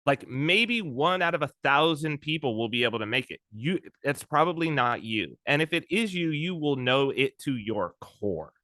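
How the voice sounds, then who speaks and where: A man's voice: mid-range voice, moderate pace, few pauses, no room sound, clean studio sound. A man talking as a podcast guest in casual conversation, animatedly telling stories and acting out what other people said. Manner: animated storyteller who acts out other people's speech.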